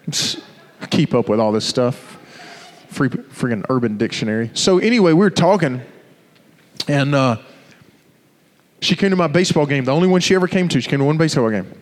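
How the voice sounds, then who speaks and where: A man preaching a sermon, telling personal stories in an animated, joking way and putting questions to the crowd. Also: on the high side, normal speed, pauses often, long reverb tail.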